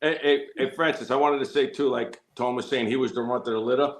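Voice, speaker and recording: A man with a mid-pitched voice chats and teases on a podcast. He breaks in with quick asides. His voice carries a roomy echo from the space he is in. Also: fairly even intonation. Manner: teasing, jumps in with asides. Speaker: firefighter, guest. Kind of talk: casual chat. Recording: echoey room.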